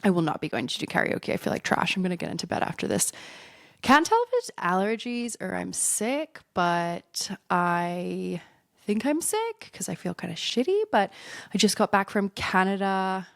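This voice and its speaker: A woman hosting a solo podcast with a head cold, her voice husky and congested, rambling and laughing at herself in casual chat. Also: mid-range voice, big pitch swings, normal speed, no room sound, clean studio sound. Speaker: podcast host.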